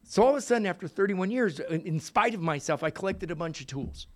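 High-voiced animated older man storyteller. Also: quick pace. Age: 60s. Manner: animated, swings from hushed to loud, profane humor. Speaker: recovery meeting speaker. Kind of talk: storytelling talk.

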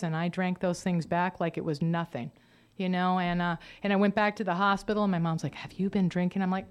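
A woman's voice: medium pitch, clean tone. Woman sharing her sobriety story. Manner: candid storytelling, acts out quoted relatives. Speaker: recovery speaker. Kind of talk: personal testimony talk.

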